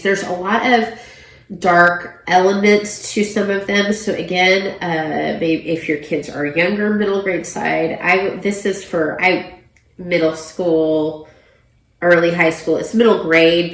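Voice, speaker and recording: A woman's voice: on the low side, a bit bright. A woman giving a casual book review, chatty and full of ums and you-knows. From Oklahoma, USA. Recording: roomy echo.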